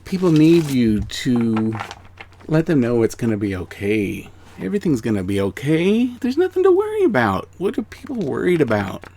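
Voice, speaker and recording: A man delivering a spiritual reading straight to his viewers, his pitch swinging widely from phrase to phrase. He talks in an earnest, encouraging way, repeating himself for emphasis. He sinks into soft, hushed passages and then lifts into excited stresses. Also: normal speed, a little hiss or hum. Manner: repeats phrases and checks in with "okay?". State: emotional. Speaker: angel card reader.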